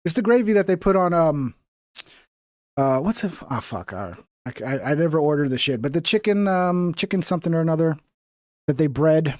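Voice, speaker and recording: A man's voice: on the high side, animated, a little fast, a little mellow, no echo, clean studio sound. A man from the United States giving rambling, profane, mocking commentary while reacting to clips on a stream.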